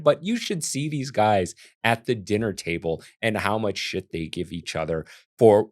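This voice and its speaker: Earnest, rambling low-voiced man. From United States. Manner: earnest, rambling, frequent restarts. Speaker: chef and reaction host. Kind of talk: casual reaction commentary.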